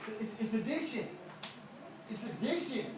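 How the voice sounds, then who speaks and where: A man's voice: extremely high pitch, very animated, normal speed. A man preaching a sermon as an evangelist, conversational and joking, often repeating himself. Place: church sanctuary. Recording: echoey church from far off with background noise.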